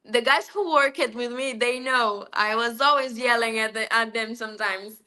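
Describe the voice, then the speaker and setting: Bright-voiced woman, laughing storyteller. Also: on the high side, normal speed. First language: Portuguese. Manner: laughs often, animated storytelling. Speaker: guest, former cruise ship buffet administrator. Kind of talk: casual live interview.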